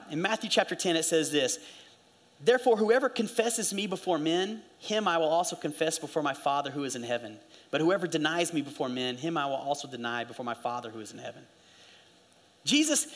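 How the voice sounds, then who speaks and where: Preaching a sermon in a slightly high voice, a middle-aged pastor tells stories full of animated swings. He acts out the voices of each person he quotes.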